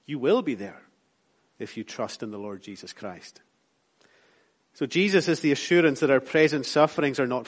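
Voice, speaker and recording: A Scottish man preaches from the pulpit. He builds his points through repeated emphatic lines, then lets his voice fall soft and low. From Scotland. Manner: rhythmic, repetitive preaching with rising emphatic lines and soft drops. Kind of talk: sermon.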